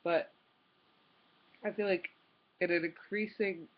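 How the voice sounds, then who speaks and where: A woman's voice: on the low side, steady tone, slow pace, dull audio. A young woman vlogger telling a story in an exasperated, rambling way, full of "like" and restarts. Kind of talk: casual storytime rant.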